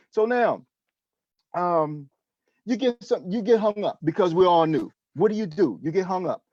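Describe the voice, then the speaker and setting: A man leads a sales training session, coaching emphatically and checking in with the listener again and again. His voice sits high, with a mellow tone. The recording is dry and slightly dull. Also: no room sound.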